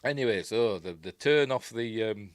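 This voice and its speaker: A film reviewer from Yorkshire, England, speaks with a Yorkshire accent in a fairly low voice at normal speed, with no echo. He rambles and chuckles through his commentary on a film, acting out quoted lines.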